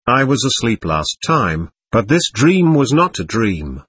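A man voicing a feverish, delirious young man who rambles in an agitated, brooding way, with a husky voice. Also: mid-range voice, very animated, measured pace, fairly bright tone, no room sound, full character voice.

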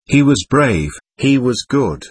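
A man reading the part of a gentle, earnest young man who speaks warmly and pleadingly to a group of boys, in a storybook reading. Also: mid-range voice, very animated, takes it slowly, slightly rough, dry recording, heavily acted. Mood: tender. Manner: warm, heartfelt, pleading.

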